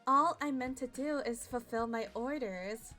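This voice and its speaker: A woman reading the lines of a dutiful, cold young female soldier in a flat, matter-of-fact way. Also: on the high side, measured pace, soft background music.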